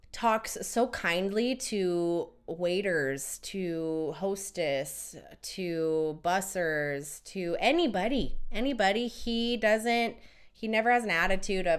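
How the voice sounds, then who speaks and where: A relationship coach hosts a casual live stream while fighting a cold, coughing again and again. Her smooth, medium-pitched voice is emphatic and chatty, peppered with "right?" and repeated words.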